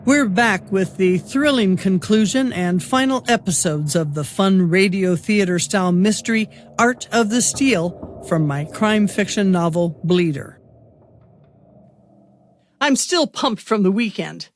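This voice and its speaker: A woman hosting a podcast, giving measured scripted narration for a radio-theater mystery. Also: medium pitch, animated, slight background noise.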